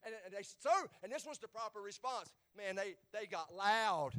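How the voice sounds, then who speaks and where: A pastor preaching a sermon, dropping to low murmurs and rising to shouts. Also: male voice, normal speed, few pauses.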